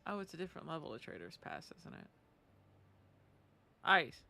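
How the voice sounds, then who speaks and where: A woman's voice: low voice, big pitch swings, moderate pace, creaky, pushed and bright. A woman chatting casually while streaming a game, telling stories and acting out the voices in her anecdotes. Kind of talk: casual gaming stream chat.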